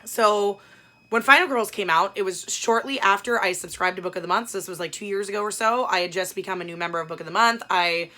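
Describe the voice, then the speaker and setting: A woman book vlogger talking casually about books, blunt and profane, with lots of fillers. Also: lowish voice. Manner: blunt, profane, animated ranting with many fillers. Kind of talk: casual ranting book chat.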